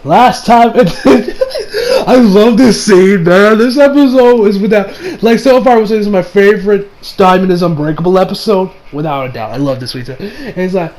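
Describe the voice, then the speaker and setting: A man's voice: high voice, moderate pace, darkish tone, low-quality recording. A man recapping an anime episode in a casual, rambling way, with frequent restarts and laughter. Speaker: anime reviewer.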